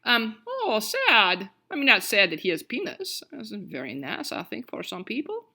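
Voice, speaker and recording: A woman putting on a mock Russian accent, delivering blunt, deadpan jokes in the middle of a lecture. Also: on the high side, moderate pace, vocal fry, full character voice. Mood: teasing.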